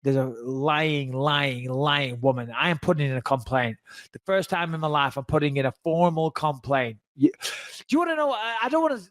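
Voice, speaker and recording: A man's voice: fairly high pitch, moderate pace, no room sound. A man, telling a story casually on a podcast and acting out the people he quotes. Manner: animated, acts out quoted dialogue.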